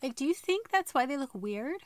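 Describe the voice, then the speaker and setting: Young woman, high bright voice, bubbly, laughs off her retakes, dry close sound. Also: big pitch swings, normal speed, dry recording. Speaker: vlogger. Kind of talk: casual vlog to camera with bloopers.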